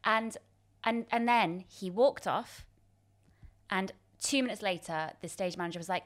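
Woman, 30s, candid storyteller, self-mocking, laughs easily, mid pitch. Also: measured pace. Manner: self-deprecating, laughs often, many restarts. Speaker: guest. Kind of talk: casual chat.

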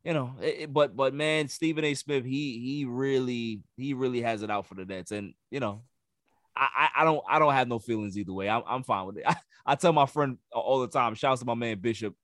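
A man's voice: medium pitch, fairly quick, fairly bright tone, no room sound, clean studio sound. A man hosting a sports podcast, ranting emphatically and repeating words as he builds each point. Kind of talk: casual sports talk.

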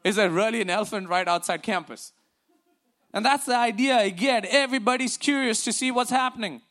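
A male preacher with a notably high voice delivers a sermon. He reads scripture in a measured way, then shifts into a casual, storytelling style full of "you know" and restarts. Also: fairly bright tone. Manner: conversational, with fillers and restarts while preaching.

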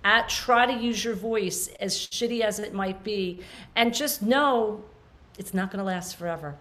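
A woman's voice: medium pitch, unhurried, a bit bright. Passionate, earnest woman in her fifties. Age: 50s. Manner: earnest, passionate, rambling with restarts. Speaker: podcast guest. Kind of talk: emotional conversational interview.

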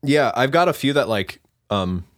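A man's voice: medium pitch, animated, moderate pace, fairly bright tone, dry recording, studio quality. A young man co-hosting a podcast in casual chat, rambling and hesitant with many ums. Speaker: podcast co-host.

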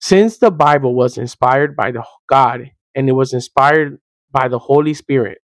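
A man's voice: medium pitch, normal speed, no echo. A man giving an earnest, conversational sermon, teaching in plain words and repeating his points for emphasis. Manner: earnest, plain-spoken preaching with repetition. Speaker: Christian podcast host and teacher.

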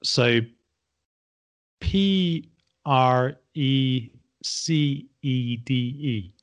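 Man, casual chat, agreeable, measured spelling, middle pitch. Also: dull audio. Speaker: English teacher, co-host. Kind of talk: casual conversation.

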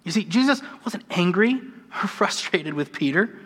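A man's voice: high voice, animated, normal speed, a bit bright, slightly rough. An American man preaching a conversational, earnest sermon, with a self-deprecating manner. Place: church sanctuary. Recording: church hall with long reverb.

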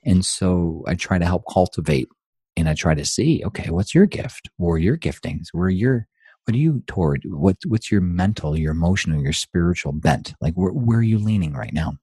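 A man's voice: sits low, animated, normal speed, dark tone, slightly rough, dry recording. A middle-aged man, a guest in an interview, speaking in an earnest, motivational way full of rhetorical questions. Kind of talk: conversational interview.

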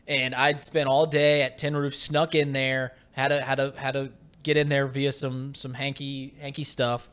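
A man co-hosting a casual sports talk show, telling a lively story and getting loud when he acts out his rant. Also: mid-range voice, moderate pace, clean tone. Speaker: podcast co-host.

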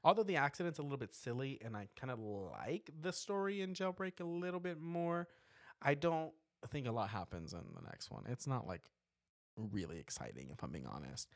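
Lively, animated man recapping a film. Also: mid-range voice, moderate pace, creaky, no echo, studio quality. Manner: animated storytelling with frequent laughs and fillers. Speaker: podcast co-host recapping a horror film. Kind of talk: casual chat.

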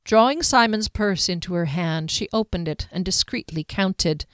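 A woman's voice: fairly low pitch, animated, moderate pace, no room sound. Woman reading fantasy, dry close sound. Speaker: audiobook narrator. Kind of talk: scripted fantasy narration.

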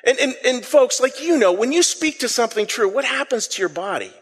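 A man's voice: very high voice, lively intonation, a little fast, few pauses, fairly bright tone, breathy edge, long reverb tail. A man preaching an interactive sermon, calling the congregation to repeat words back to him in a playful, self-deprecating way. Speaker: pastor. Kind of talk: interactive sermon with audience call-and-response. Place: church sanctuary.

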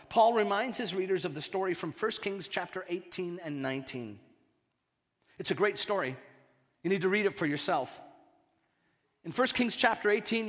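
A man preaching a sermon, animated and repeating words as he builds his points. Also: high-pitched, big-room sound. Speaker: pastor.

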